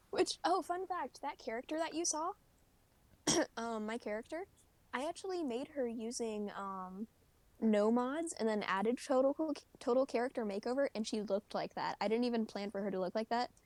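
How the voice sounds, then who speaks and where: A woman telling a story on a livestream, animated and often laughing, acting out what people said. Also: on the high side, moderate pace, no room sound. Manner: animated, laughing, acts out quoted voices. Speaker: streamer.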